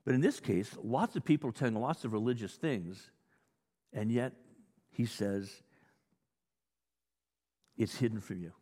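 A male pastor preaching a sermon in a conversational, animated teaching style with frequent restarts. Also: mid-range voice, moderate pace. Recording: long hall reverb.

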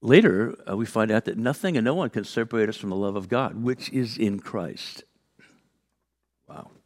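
A man's voice: fairly low pitch, normal speed. A man from California preaching a sermon as a pastor, telling a story with lots of fillers and restarts and acting out the people in it. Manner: animated storyteller, acts out quotes, many fillers and restarts.

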